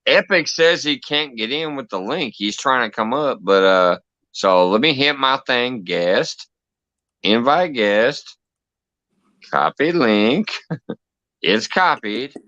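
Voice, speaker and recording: A man's voice: mid-range voice, animated, slow pace, sharp tone, no room sound, muffled recording. A man hosting a casual live-stream chat, talking his viewers through each step as he sets things up. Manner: chatty, talks through each step while fixing links. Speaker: livestream host.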